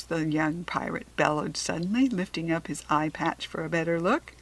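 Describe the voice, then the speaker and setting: Give me a woman reading a children's story aloud, expressive with a slightly husky voice. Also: low-pitched, poor audio. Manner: slow, clear, expressive reading. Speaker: storybook reader.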